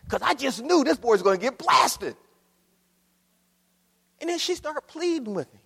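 A man from Ohio preaching a sermon, swinging between loud declarations and quiet asides as he addresses the congregation. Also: extremely high pitch, very animated, measured pace, creaky, slightly rough, big-room sound. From Akron, Ohio. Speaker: pastor.

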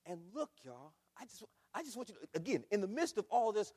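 A middle-aged man preaching a sermon in a church, swinging between shouts and hushed, emphatic lines. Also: sits high, sing-song, a little fast, husky. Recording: long reverb of a large hall.

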